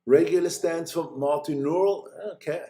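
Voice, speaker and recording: A fairly high-voiced man hosts a live watch-along stream, calling snowboard races in a loose, jokey way. He chats casually between heats and gets excitable once a race is under way. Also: moderate pace. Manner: chatty, joking, excitable during races.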